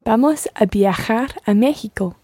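A woman learning a language, giving careful, deliberate answers to quiz questions. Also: fairly high pitch, warm tone, no echo, clean studio sound.

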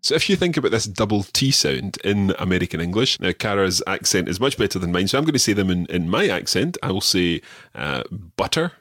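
Scottish male podcast teacher, deep and slightly husky, dry studio sound, patient explainer. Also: big pitch swings, brisk, a bit bright, dry recording. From Scotland. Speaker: language podcast host. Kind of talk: podcast pronunciation lesson.

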